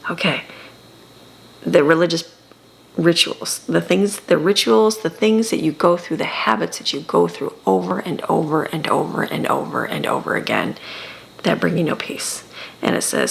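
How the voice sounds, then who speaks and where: A woman's voice: on the low side, moderate pace, creaky, long pauses. A middle-aged woman giving a casual Christian devotional talk, conversational and repetitive, often laughing. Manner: conversational, repeats phrases, frequent laughs. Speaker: Christian homeschool and faith teacher.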